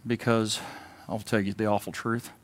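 A pastor preaching a sermon in a conversational way, moving between loud emphatic bursts and quiet asides, now and then mimicking whiny voices for a laugh. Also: male voice, on the low side, little pitch movement, moderate pace. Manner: mimics whining voices in a comic way.

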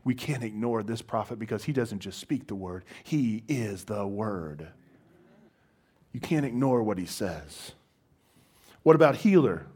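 A man's voice: fairly low pitch, expressive, unhurried, darkish tone, breathy edge. A man, a pastor, giving a conversational sermon to a congregation, with wry self-deprecating humor and frequent restarts.

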